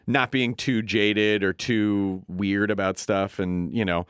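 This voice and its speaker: A man's voice: lowish voice, steady tone, takes it slowly, fairly bright tone, smooth, dry recording, clean studio sound. Reflective male TV host as a guest. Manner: reflective, rambling, acts out quoted voices. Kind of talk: casual studio interview.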